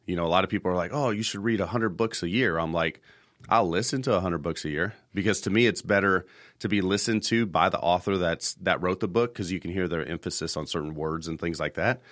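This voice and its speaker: A man's voice: low voice, fast talker, fairly bright tone, no room sound, clean studio sound. A man in his thirties hosting a casual podcast, telling rambling stories and repeating words as he goes. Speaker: podcast host.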